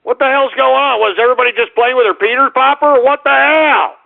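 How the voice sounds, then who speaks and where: A man's voice: extremely high pitch, a little fast, creaky, phone-quality sound. A man hosting a call-in radio show, scolding his callers in an exasperated, profane rant.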